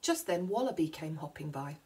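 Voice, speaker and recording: Expressive woman teacher reading aloud. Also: low-pitched, low-quality recording. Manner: expressive storytelling, slowing for effect. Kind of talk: reading a picture book aloud.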